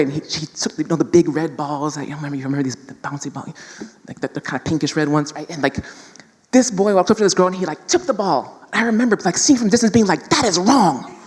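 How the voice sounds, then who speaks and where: A woman with a low voice tells candid, emphatic stories to a live audience, often calling them "y'all." Her voice carries a long reverb, as if in a big hall. She is a panel guest from New York City. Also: quick pace, a little mellow. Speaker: guest speaker.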